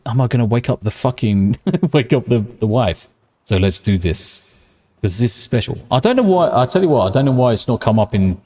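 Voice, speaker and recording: A British man streaming live from home at night, chatting casually with viewers, swearing constantly and talking slightly quietly. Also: lowish voice, dry recording.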